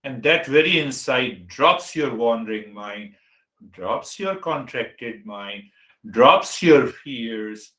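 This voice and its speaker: Slow, deliberate teacher. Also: male voice, mid-range voice, lively intonation, sharp tone. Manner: slow, deliberate, lists words one at a time. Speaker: spiritual teacher. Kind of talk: meditation teaching talk. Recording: roomy echo.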